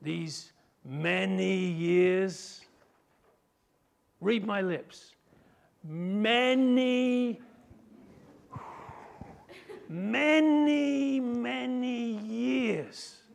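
A man voicing a resentful, self-righteous elder son in a sermon, complaining in a drawn-out, wailing way. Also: on the high side, steady tone, creaky. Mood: bitter.

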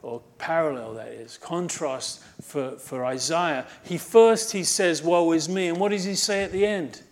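A male pastor delivering a sermon in a fairly high voice. He speaks with emphasis, builds to fervent exhortation, and stacks repeated phrases into rhythmic lists. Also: measured pace, hardly any pauses.

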